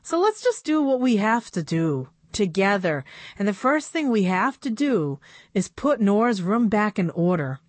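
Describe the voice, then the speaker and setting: A woman's voice: mid-range voice, very animated, a little slow, no echo. A woman reading a storybook aloud, voicing a sensible, determined young girl doll who takes charge.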